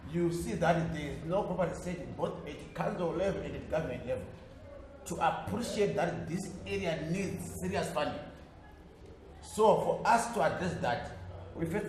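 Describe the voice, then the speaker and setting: A man's voice: fairly high pitch, heavy reverb, noisy background. A man with a Zimbabwean accent answering as a city councillor on a panel, assertive and listing his points by repeating them.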